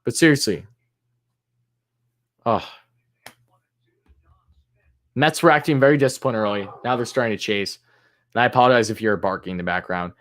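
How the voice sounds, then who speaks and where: A man hosting a live fan stream, calling pitches play-by-play and griping and swearing about the umpires in an exasperated voice that jumps high on big moments. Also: normal speed, pauses often, fairly bright tone. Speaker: fan commentator and stream host.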